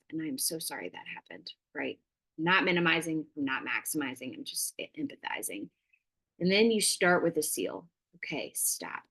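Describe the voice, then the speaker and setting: A woman giving a casual parenting workshop, chatty and full of fillers, acting out little dialogues. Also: low-pitched.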